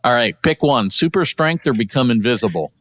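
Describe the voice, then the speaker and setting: A man running a casual interview, asking quick upbeat questions. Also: mid-range voice, animated, fairly bright tone, no echo.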